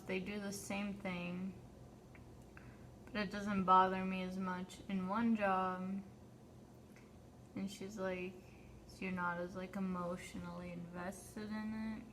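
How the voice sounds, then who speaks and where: A woman vlogger chatting casually to camera while eating, often filling pauses with "like". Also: medium pitch, a bit bright. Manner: chatty, lots of "like" fillers, talks while eating. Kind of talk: casual mukbang chat to camera. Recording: faint background noise.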